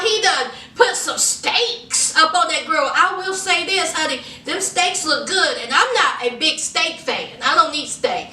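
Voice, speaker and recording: A woman recapping a reality show in sassy, animated casual commentary, acting out what the cast said. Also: very high-pitched, moderate pace. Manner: sassy, animated, acts out quotes. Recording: echoey room, from far off.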